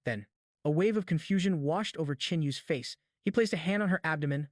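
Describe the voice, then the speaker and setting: A man narrating a recap story at a quick clip, with a voice a little higher than most men's. He reads the story and the dialogue of every character in one even voice. The sound is dry and close, with no room around it. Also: no room sound. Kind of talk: scripted narration.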